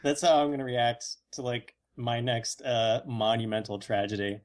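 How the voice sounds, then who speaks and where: A man co-hosting a casual comedic chat, cracking deadpan jokes and acting out mock quotes. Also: mid-range voice, moderate pace.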